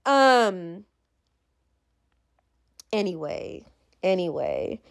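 A woman's voice: on the low side, wildly swooping pitch, extremely slow, gravelly, no echo, studio quality. A young woman talking casually to camera in a rambling monologue, full of fillers, restarts and sudden swings.

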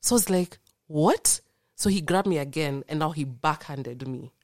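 Speaking fairly quickly, a young woman guesting on a podcast recounts her own story with earnest animation, voicing the people she quotes. Her voice is low and the close, dry recording has no room sound.

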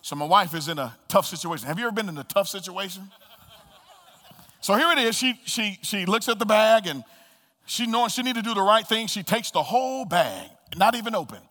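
A man preaching a sermon as pastor, swinging between loud bursts and hushed asides. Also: sits high, animated, brisk. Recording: reverberant hall.

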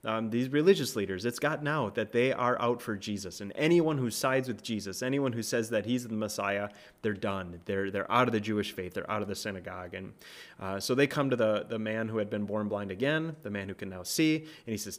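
A man with a fairly low voice preaches in a relaxed, conversational way. He restarts his sentences and keeps checking in with "right?". His voice climbs when he acts out quoted lines. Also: normal speed. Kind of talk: casual sermon retelling a Bible story.

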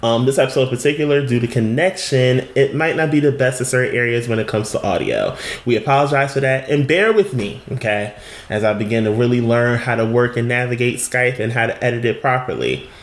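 A man's voice: medium pitch, lively intonation, a little fast. A man co-hosts a casual podcast over an internet call, with a mid-range voice. He talks in a playful, teasing way and draws out his introductions. The call audio is uneven in places. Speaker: podcast co-host. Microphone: remote call, Skype.

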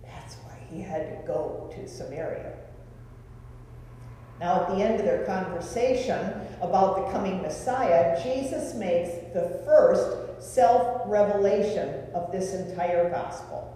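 A woman pastor preaching a sermon in a deliberate way, with rhetorical questions and lists, recorded in a church sanctuary. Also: mid-range voice, lively intonation, dark tone, slight background noise. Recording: echoey hall from far off.

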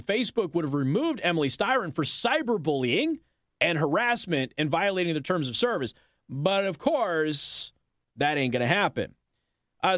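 A man's voice: a little high, a bit bright, dry recording, clean studio sound. A male talk radio host, possibly from Indiana, delivering an indignant, sarcastic monologue.

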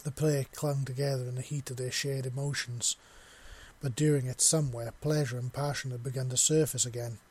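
A man narrating a written story in an audio reading with a steady, even delivery and a husky voice. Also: medium pitch, a little fast.

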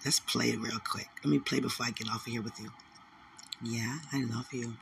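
Guy doing a live prophetic word, fry in his voice, gets worked up and loud at times. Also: a little fast, background noise. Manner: emotional, repetitive, building to excited high exclamations. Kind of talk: live-stream prophetic encouragement.

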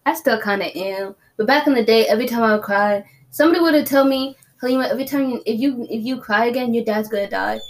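A woman in casual podcast chat, telling stories in an expressive, slangy way. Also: a little high, fast, hardly any pauses.

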